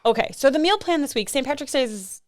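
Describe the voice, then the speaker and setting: A woman in her thirties co-hosting a casual podcast, her voice pitched a little high and swinging up and down with animation. She giggles often and keeps the talk light. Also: animated, fast. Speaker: podcast co-host; mother. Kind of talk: casual chat.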